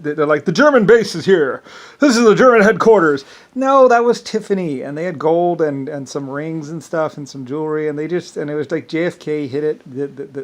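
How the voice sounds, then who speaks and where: A man in a rambling personal monologue who talks haltingly, repeats words, fills pauses and chuckles often. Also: fairly high pitch.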